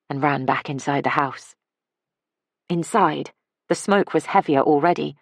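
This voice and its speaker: A woman reading an audiobook in a calm, measured storytelling manner. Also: low voice, dry recording. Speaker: audiobook narrator. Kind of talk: scripted narration.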